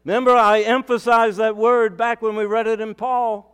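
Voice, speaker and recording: A male pastor delivering a sermon, preaching with emphatic rises and sudden quiet drops. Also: sits high, little pitch movement, normal speed, clean tone.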